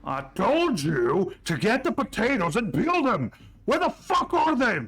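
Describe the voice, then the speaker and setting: A man's voice: a little high, animated, unhurried, bright, forceful tone, clean tone, heavily acted. A man voicing a grizzled, scarred old dwarf chef who bellows curses and insults at his kitchen staff. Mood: raging.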